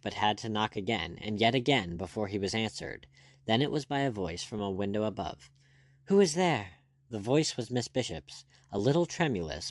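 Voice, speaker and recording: Low-voiced male audiobook narrator. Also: no echo. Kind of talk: scripted narration.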